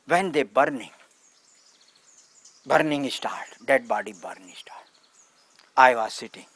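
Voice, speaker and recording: A man's voice: mid-range voice, takes it slowly, fairly bright tone. Man telling a story in simple English. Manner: simple broken English, short repeated phrases. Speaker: spiritual teacher. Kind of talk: satsang talk to a gathering.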